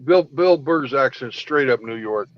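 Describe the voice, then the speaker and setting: A man's voice: medium pitch, expressive, measured pace, dull audio. A man chiming in briefly during a casual chat.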